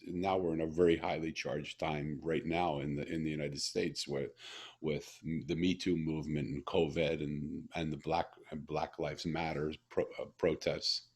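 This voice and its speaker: This middle-aged podcast host has a bass voice that is husky and steady, moving at a normal speed. He hosts a heartfelt interview, telling stories earnestly and emotionally while often restarting his sentences.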